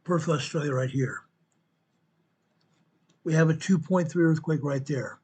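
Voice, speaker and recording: A man hosting a show, walking viewers through an earthquake map in a slow, emphatic way and repeating his points. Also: a little high, darkish tone, husky. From United States. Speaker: show host presenting earthquake updates. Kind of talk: informal map walkthrough commentary.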